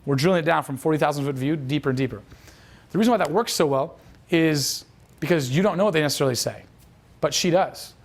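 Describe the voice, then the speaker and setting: A man's voice: a little high, fast. A man giving a casual instructional talk as a dating coach, rambling with restarts and acting out quoted lines.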